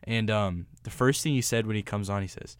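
A radio host with a fairly low voice asks his questions in relaxed, chatty talk. He hesitates with small fillers as he goes. The studio sound is dry and close. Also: fairly quick, clean tone, no room sound. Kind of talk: casual interview chat.

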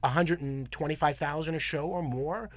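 A man from Long Island, a comedian guest, telling lively anecdotes and acting out the people in them in a casual interview. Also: on the high side, normal speed, no room sound. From Long Island, New York. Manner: animated anecdotes with acted-out quotes.

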